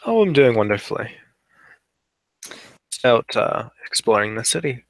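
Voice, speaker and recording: Guy doing a chill polite dude, low gravelly voice, dry sound. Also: big pitch swings, moderate pace, no echo. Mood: cheerful. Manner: polite, easygoing. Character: friendly medium-sized man in a long coat.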